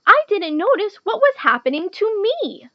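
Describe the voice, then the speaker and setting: A woman's voice: brisk, no echo, highs cut off. Woman doing an eager little pollywog. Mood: puzzled. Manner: high, excited, childlike. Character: eager little male pollywog, later a frog. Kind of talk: children's storybook read-aloud.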